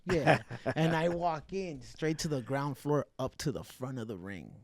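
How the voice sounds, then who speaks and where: A man telling fight stories in a podcast interview, profane and animated, acting out the quotes in a slangy, casual way. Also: medium pitch, normal speed, slight background noise. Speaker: guest fighter.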